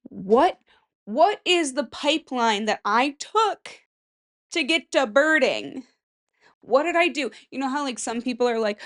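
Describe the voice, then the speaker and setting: A woman's voice: high-pitched, expressive, unhurried, a bit bright. A woman in her thirties hosting a casual solo podcast, rambling and chatty and swearing freely. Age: 30s. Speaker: podcast host.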